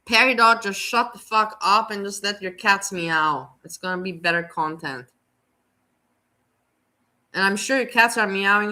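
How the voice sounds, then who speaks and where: Blunt mocking woman commentator, bright voice. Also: mid-range voice, a little slow. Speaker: commentary host. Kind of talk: reaction commentary on a clip.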